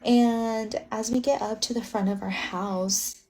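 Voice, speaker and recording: A woman's voice: fairly high pitch, steady tone, a little slow, warm tone. A young adult woman from Illinois telling a personal ghost story in a casual, rambling way, full of filler words.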